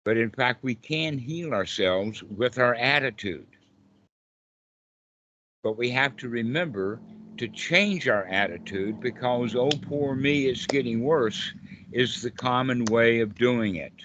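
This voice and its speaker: A man's voice: medium pitch, animated, measured pace, a bit bright, slight background noise. Older man teaching meditation, dull sound. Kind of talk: informal dharma talk.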